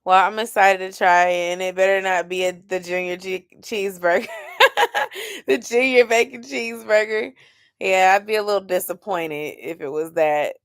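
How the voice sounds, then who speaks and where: A woman's voice: mid-range voice, normal speed, clean tone. A woman, chatting casually and sleepily with viewers on a late-night livestream. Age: 30s. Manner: sleepy, chatty, yawning and laughing. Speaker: livestream host.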